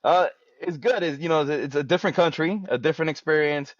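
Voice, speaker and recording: Halting man with a muffled, dry sound. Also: fairly high pitch, dry recording. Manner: halting, many restarts and fillers. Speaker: wrestler, interview guest. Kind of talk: casual interview talk.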